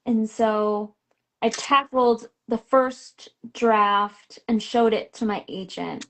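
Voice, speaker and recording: Animated middle-aged woman telling a story. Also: fairly high pitch, takes it slowly. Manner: animated storyteller, many "like" fillers, laughs often. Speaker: picture book author, guest. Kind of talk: casual chat.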